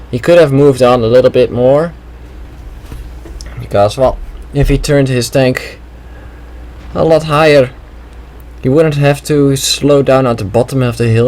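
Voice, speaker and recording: A man's voice: medium pitch, darkish tone, slight background noise, poor audio. Casual man commenting on a game replay. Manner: casual, chatty, thinking aloud with many "well"s. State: slight throat trouble. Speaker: gameplay commentator.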